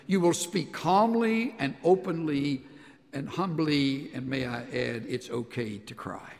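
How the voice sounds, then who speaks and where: A male pastor delivers a sermon with a gravelly, rough edge to his slightly high voice. He is earnest, sinking to hushed near-whispers and then rising to raised emphatic lines. His words ring out with the long reverb of a large church hall. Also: unhurried.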